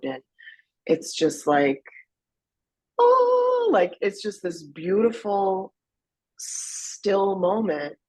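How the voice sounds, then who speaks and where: A young woman from Afghanistan shares her faith testimony as an interview guest, her low voice rough with fry and a husky edge. She tells it with feeling, dropping to a whisper whenever she quotes what she said. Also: a little mellow, low-quality recording. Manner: emotional, drops into whispers when quoting. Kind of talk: personal testimony storytelling.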